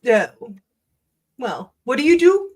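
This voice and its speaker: A woman's voice: sits high, sing-song, slow pace, darkish tone. A woman with a Minnesota accent hosting a casual late-night livestream chat from home, joking, laughing and swearing freely. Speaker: livestream host.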